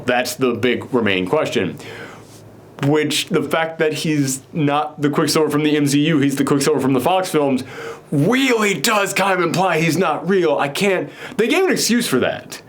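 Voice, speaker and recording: A man casually recapping a TV episode with a co-host, rambling with many fillers. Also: fairly high pitch. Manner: rambling, filler-heavy, quick mock voices for characters. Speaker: podcast co-host.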